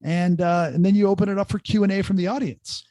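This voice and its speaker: Middle-aged male entrepreneur guest, lively raconteur with quips, slightly high voice, dry sound. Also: quick pace, dry recording. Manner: animated storyteller, jokey asides. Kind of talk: casual podcast interview. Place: remote call.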